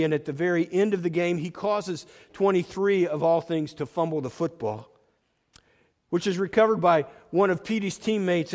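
High-voiced preacher in an echoing hall. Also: male voice, darkish tone. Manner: earnest, storytelling, frequent restarts. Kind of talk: sermon with movie retelling. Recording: reverberant hall.

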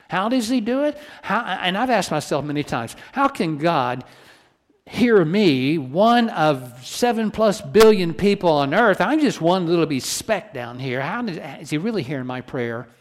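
Male pastor, fairly high voice, earnest preaching, church hall reverb. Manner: earnest preaching with rhetorical questions and repeated restarts. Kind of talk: sermon.

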